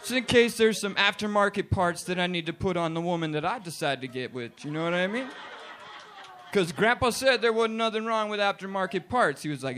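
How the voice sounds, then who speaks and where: A man's voice: sits high, animated, fairly quick, slight background noise. A man in his late twenties doing a profane, punchy stand-up comedy set in a bar. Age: 20s. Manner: profane, loud, punchy delivery with put-on voices. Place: bar stage with live audience.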